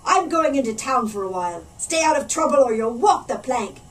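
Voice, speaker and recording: A woman voicing a loud, gruff, hairy male pirate captain who bellows and blusters, for a read-aloud storybook. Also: high-pitched, lively intonation, a little fast. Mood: blustering. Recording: distant mic, faint room noise.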